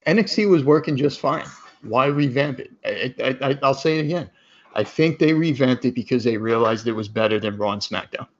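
A man's voice: mid-range voice, a little fast, lo-fi sound. A man co-hosting a casual podcast, agreeing with his partner and adding his own blunt opinions. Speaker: podcast co-host.

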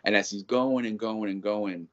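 A man talking in a casual chat as a show's co-host, animated and profane, rambling with lots of restarts. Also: fairly low pitch, moderate pace. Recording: dull lo-fi audio.

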